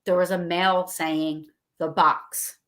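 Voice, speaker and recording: A woman chatting casually on a livestream, telling stories excitedly and acting out what people said. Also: on the low side, takes it slowly. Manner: excited, rambling storyteller acting out quotes.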